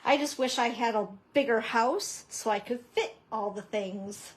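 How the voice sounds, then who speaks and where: A chatty woman crafting instructor talking her way through a relaxed live-stream demo. Her voice sits a little high for a woman, and she keeps slipping in playful, goofy asides at her own expense. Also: unhurried, breathy edge. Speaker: papercrafting instructor.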